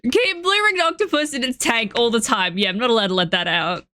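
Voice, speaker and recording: A woman's voice: a little high, a little fast, pushed and bright, dry recording. A young woman from Australia with an Australian accent that is starting to blend with a Canadian one, chatting casually and swearing freely while she streams a game. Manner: chatty, swearing, self-mocking storytelling.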